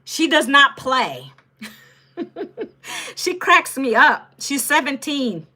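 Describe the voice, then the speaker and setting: A woman's voice: high-pitched, very animated, slow, sharp tone. A woman in her fifties from Northern Virginia, chatting casually on a livestream and talking straight to her viewers. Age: 50s. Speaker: livestream host.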